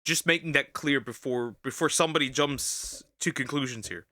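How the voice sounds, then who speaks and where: A man's voice: medium pitch, normal speed, dry recording, studio quality. A man hosting a video reaction, talking casually and sarcastically and often tripping over his words. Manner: lively, sarcastic, stumbles and repeats himself. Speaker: VTuber host reacting to a video.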